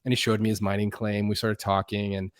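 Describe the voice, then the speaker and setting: A man's voice: fairly low pitch, little pitch movement, quick pace, no echo, studio quality. A man on a podcast as a guest, telling casual stories with lots of fillers and restarts. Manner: rambling, many fillers and restarts. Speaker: podcast guest, outdoor video creator. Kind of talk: casual storytelling chat.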